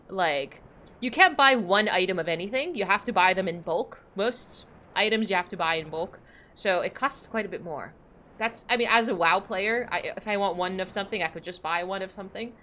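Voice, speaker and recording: There's a faint hiss or hum behind this woman's mid-range, sharp-toned voice. In her forties, she's livestreaming a game and casually chatting with viewers, rambling, gushing and laughing a lot.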